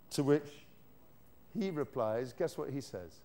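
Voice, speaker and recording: A British teacher trainer holds a live workshop in a lecture hall, playfully encouraging the audience to repeat lines after him in a classroom demo. He has a warm, mid-range voice with big pitch swings, speaking slowly with long pauses.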